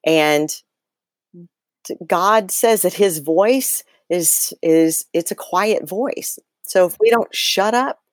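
A middle-aged woman, excitable and animated, talking casually as a guest on a faith podcast. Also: mid-range voice, dry recording, clean studio sound.

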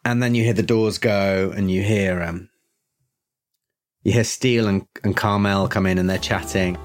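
A low-pitched man runs a tabletop horror game as game master. He narrates in a relaxed, halting way, pausing on fillers as he sets each scene.

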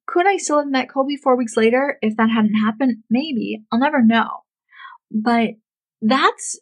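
Chatty woman coach with a fairly high voice. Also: rough recording. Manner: chatty, animated, lots of "like" fillers. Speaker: love manifestation coach. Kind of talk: casual storytelling to camera.

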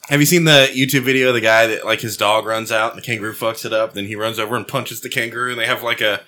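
A man's voice: mid-range voice, quick pace. A man in casual, crude banter with friends, laughing often and telling stories. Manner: animated, laughs often, swears.

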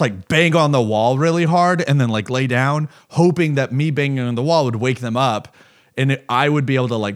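Male podcast host and comic, mid-pitched, rambling and self-deprecating, lots of likes and restarts, slips into silly voices. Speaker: podcast host and stand-up comedian. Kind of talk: casual comedic monologue.

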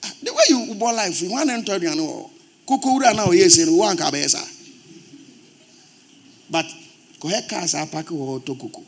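A man with a Ghanaian accent preaching a sermon in church, forceful and emphatic, rising to loud outbursts. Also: high-pitched, animated, moderate pace, creaky, pauses often, a little hiss or hum. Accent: Ghanaian English. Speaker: pastor.

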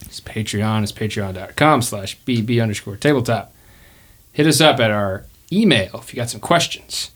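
A man's voice: lowish voice, moderate pace, fairly bright tone. A man hosting a tabletop game podcast, talking in a playful, joking way. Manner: playful, jokey, slips into character voices. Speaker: podcast host and player.

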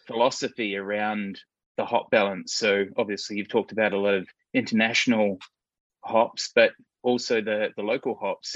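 A man from the audience asking a guest a question, polite and measured. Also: lowish voice, a bit bright, no room sound, dull audio.

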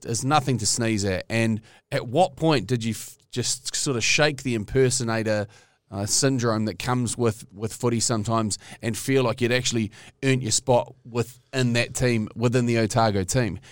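A man's voice: mid-range voice, dry recording, studio quality. A man hosting a casual interview, asking long, winding questions. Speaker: interviewer, host.

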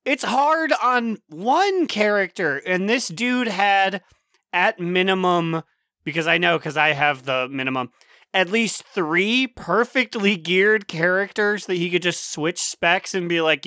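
A man co-hosting a casual gaming chat, animated and quick to laugh. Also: high voice, no room sound, clean studio sound. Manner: animated, laughs often, slips into mock voices. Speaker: podcast co-host.

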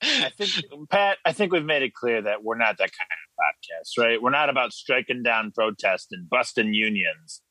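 A man's voice: mid-range voice, moderate pace, hardly any pauses, no echo, rough recording. A man co-hosting a podcast, chatting playfully, laughing and speaking to the listeners. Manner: lively, laughing, addresses listeners. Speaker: podcast co-host. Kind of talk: casual banter.

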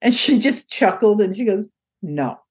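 An older woman with a husky, slightly breathy voice, talking as a guest in an interview. She tells her story casually and brings it to life by acting out what each person said. Her pitch sits in a middle range. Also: a little slow. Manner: animated, acts out quoted dialogue in changing voices.

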